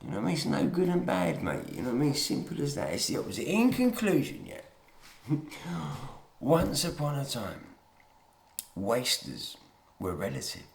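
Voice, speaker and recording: Male vlogger, meandering, swearing, swings between mutter and emphasis, lively pitch, echoey room. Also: moderate pace, gravelly, pauses often. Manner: meandering, swears, drops to mutters then rises to emphatic outbursts. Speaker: YouTube monologuist. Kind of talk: rambling to-camera monologue. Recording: roomy, echoey room sound.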